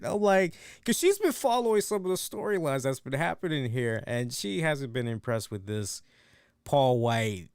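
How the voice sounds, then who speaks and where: A man hosting a wrestling review show, talking in a casual, animated and profane way and laughing at his own jokes. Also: mid-range voice, moderate pace, clear, resonant tone, dry recording, clean studio sound. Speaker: wrestling review podcast host. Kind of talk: casual excited chat.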